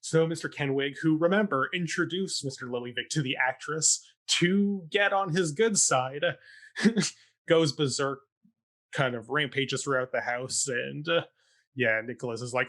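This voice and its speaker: Chatty, bright-voiced young man. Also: medium pitch, unhurried. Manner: chatty and sarcastic, mock-quoting characters with laughs. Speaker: podcast co-host recapping a stage production. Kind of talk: casual chat.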